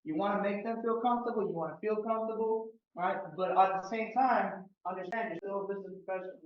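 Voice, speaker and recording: Male trainer from Miami, high voice, casual and animated, recorded far off in an echoey room. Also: fast. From Miami, United States. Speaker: real estate sales trainer. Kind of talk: team training talk. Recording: roomy, distant, dull meeting-room audio.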